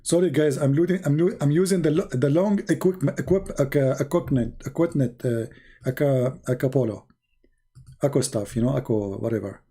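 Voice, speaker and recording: Sarcastic man with dark voice. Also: medium pitch, normal speed, breathy edge. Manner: sarcastic, non-native grammar, shifts between loud and quiet. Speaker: online commentator. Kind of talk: mocking commentary.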